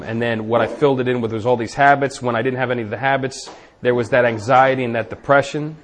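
A middle-aged man telling his personal recovery story to a live audience, candid and conversational, his voice dropping quiet and low when he recalls his own thoughts. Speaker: speaker giving a recovery testimony.

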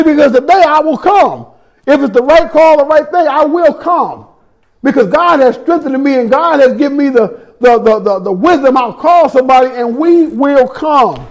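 A man preaching a sermon, telling his own testimony with street slang, scripture and repeated words. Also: very high voice.

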